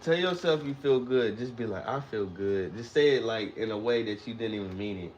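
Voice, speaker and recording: A man's voice: on the low side, brisk, a little mellow, lo-fi sound, slight background noise. A man hosting a livestream, giving an emphatic motivational talk in a repetitive, preacher-like cadence. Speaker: livestream host.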